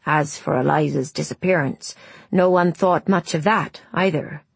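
A woman voicing a gruff elderly village man who talks bluntly and slowly around his pipe. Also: sits low, no echo, exaggerated voice. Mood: bitter. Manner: blunt, clipped, grumbling.

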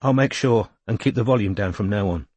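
A guarded young man with a flat London accent, clipped and tense, as a male narrator plays him. His voice is husky and low, recorded dry. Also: brisk, no echo.

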